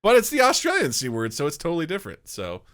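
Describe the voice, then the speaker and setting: Man, podcast co-host; bright and expressive, animated casual chat with playful mimicry. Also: fairly high pitch, fast talker. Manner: animated, laughs often, mimics quotes in exaggerated voices.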